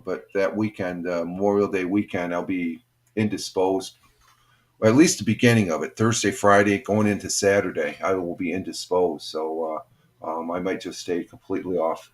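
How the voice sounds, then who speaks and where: Chatty older man, low voice. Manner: rambling, chatty, many fillers. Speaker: livestream host. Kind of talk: casual morning chat. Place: home.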